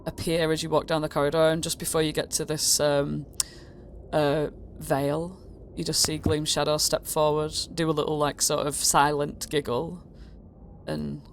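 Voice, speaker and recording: A woman's voice: low-pitched, flat delivery, normal speed, a little hiss or hum. Rambling British woman narrating a game. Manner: rambling, many fillers, giggly. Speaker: dungeon master.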